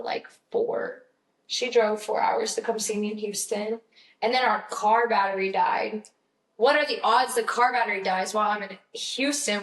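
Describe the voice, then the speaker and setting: A young woman from Georgia, a guest musician with a medium-pitched voice and a Southern American accent, tells stories in an upbeat, chatty interview full of fillers. The mic sounds roomy and slightly distant.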